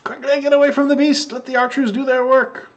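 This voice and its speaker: A man voicing a frantic little goblin who yells in a high, shrill voice. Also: level tone, a little fast. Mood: panicked. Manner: shrill, yelling.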